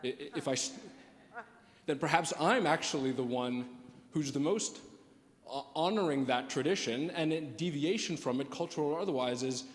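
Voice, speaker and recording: A man speaking on a panel, halting and repeating words as he thinks aloud. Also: a little high. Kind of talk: reflective live panel talk. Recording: reverberant hall recording.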